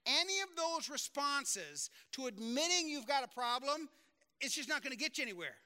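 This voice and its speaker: A man's voice: extremely high pitch, sing-song, moderate pace, pushed and bright. A male pastor giving an earnest, conversational sermon, repeating phrases for emphasis.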